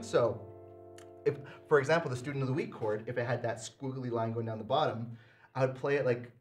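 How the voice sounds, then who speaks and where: A Canadian man co-hosting a casual piano live stream, upbeat and quick to laugh while steering to the questions. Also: medium pitch, a little mellow. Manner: upbeat, laughs easily, keeps the show moving. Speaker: piano teacher and co-host. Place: indoors at a piano.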